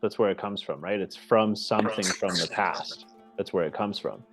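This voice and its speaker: A man hosting a casual group call, energetic and animated, often checking in with "right?", heard over muffled lo-fi call audio. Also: deep voice, normal speed, music in the background. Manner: energetic and animated, with many restarts and "right?" tags. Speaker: host of the goal call.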